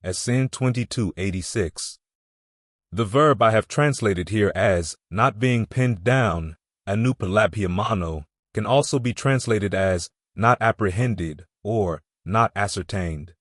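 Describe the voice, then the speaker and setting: A man with a fairly low voice reads a Buddhist text aloud, slow and deliberate. The sound is close and dry, with no room echo around it. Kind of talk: scripted reading of a Buddhist text.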